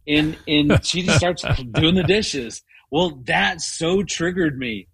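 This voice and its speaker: A man's voice: a little high, slow, vocal fry, few pauses, a bit bright, a little hiss or hum, rough recording. A man in his fifties, a guest talking earnestly about marriage, restarting often as he tells a story. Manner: earnest, frequent stammered restarts. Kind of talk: conversational storytelling.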